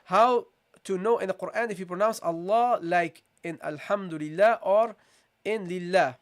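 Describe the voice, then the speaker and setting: A man teaching a live online recitation lesson, patiently repeating questions to viewers and modelling sounds slowly. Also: sits high.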